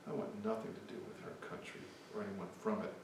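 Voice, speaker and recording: A poet giving a live poetry reading, with chatty, offhand asides between poems. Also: male voice, fairly low pitch, steady tone, fast talker, far from the mic, noisy background. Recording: echoey hall, mic from afar.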